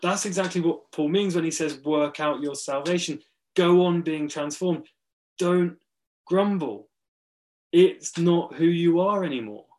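A man preaching a sermon. He speaks earnestly and with emphasis, pausing between short phrases. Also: on the high side, darkish tone.

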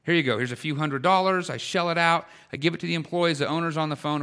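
A middle-aged man preaching a sermon in a bright, forceful voice pitched a little above the usual. He talks to the congregation like a conversation, then pushes hard with emphatic, rising questions. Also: fast talker. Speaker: pastor.

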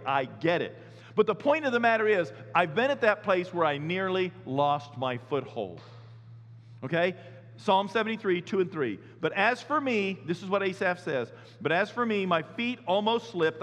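A man preaching a sermon as pastor, talking in a lively, conversational way with sudden loud bursts. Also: sits high. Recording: long hall reverb.

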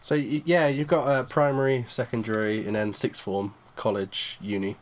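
A woman's voice: rumbling low, level tone, normal speed, a little hiss or hum. A young British woman in casual chat on a video call, jokey and laughing often. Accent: British English. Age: young adult. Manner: jokey, laughs a lot, puts on rough voices.

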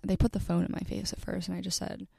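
Low, dark-toned young woman, gravelly. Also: flat delivery, no room sound, studio quality. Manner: earnest, halting, with many fillers and restarts. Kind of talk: personal storytelling to camera.

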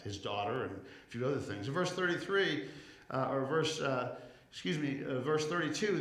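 Male preacher, bright forceful voice, chatty delivery full of restarts. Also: fairly high pitch, roomy sound. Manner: conversational, stumbling restarts, acts out scripture quotes. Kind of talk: sermon.

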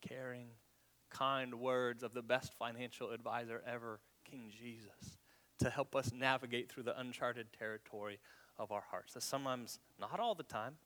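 A man preaching with a bright, forceful voice. He stumbles over repeated words and sinks to a whisper for effect. His delivery is earnest and conversational. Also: mid-range voice, steady tone, moderate pace. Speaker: pastor. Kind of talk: sermon.

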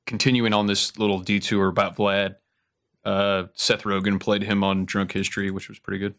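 A man's voice: fairly low pitch, flat delivery, normal speed, a bit bright. A man hosting a podcast in a laid-back, filler-heavy way, chuckling as he talks. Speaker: podcast host. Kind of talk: casual podcast chat.

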